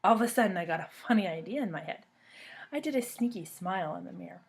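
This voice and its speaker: A woman reading a children's storybook aloud in a lively, expressive way, then talking to the children she reads for. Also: lowish voice, fast, creaky. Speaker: reader of a children's book.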